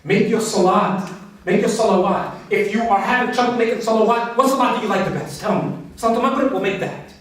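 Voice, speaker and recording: A man's voice: high-pitched, brisk, distant mic. Passionate man in an echoey hall. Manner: passionate, conversational, addresses audience directly. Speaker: speaker. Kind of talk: motivational religious talk.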